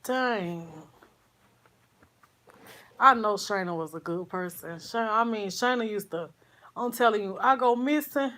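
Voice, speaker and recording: A woman vlogger chatting with her viewers in a halting, grieving way, sighing often and calling them y'all. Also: mid-range voice. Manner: soft, grieving, subdued. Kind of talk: casual livestream chat with viewers.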